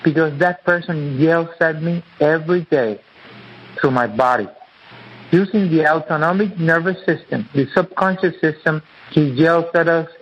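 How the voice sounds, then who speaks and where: A man's voice: fairly high pitch, moderate pace, a little hiss or hum. Earnest man explaining on a dull radio line. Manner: earnest, repetitive, teacherly. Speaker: guest author and acupuncturist. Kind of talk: interview, explaining his teaching.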